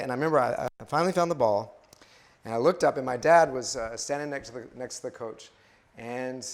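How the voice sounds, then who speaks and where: A man in his fifties tells his own life story in a relaxed, halting way. He keeps restarting his sentences and fills the gaps with uh and um, like a missionary giving his testimony. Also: mid-range voice. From West Texas. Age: 50s. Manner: storytelling, many restarts and fillers. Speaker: missionary speaker. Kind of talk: personal testimony in a sermon.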